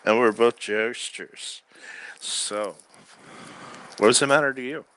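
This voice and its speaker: A man delivering a rambling spoken-word monologue from his bed into a microphone, swinging between loud outbursts and quiet mutters. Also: mid-range voice, unhurried, clear, resonant tone. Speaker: recording artist. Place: bedroom.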